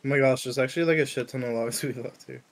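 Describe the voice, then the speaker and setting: A man playing a survival game with friends, excitable and quick to yelp and laugh. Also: medium pitch. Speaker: co-op player. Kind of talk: casual gameplay chat.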